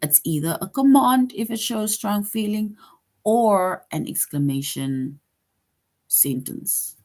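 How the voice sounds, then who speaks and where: A woman teacher giving an online lesson to second graders, slowly reading example sentences aloud and explaining each one. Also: mid-range voice, animated, darkish tone. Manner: slow, deliberate, reads example sentences aloud.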